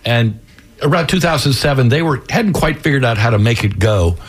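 Husky-voiced middle-aged author. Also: male voice, medium pitch, lively intonation, a little fast. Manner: rambling, repeats words. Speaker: author and theater director. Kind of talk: interview guest reading his novel.

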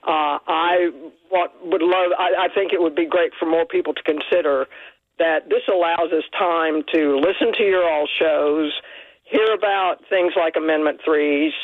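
Higher-voiced male caller on a tinny phone line. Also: steady tone, unhurried, no room sound. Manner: earnest, long run-on sentences. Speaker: radio show caller. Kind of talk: call-in comment.

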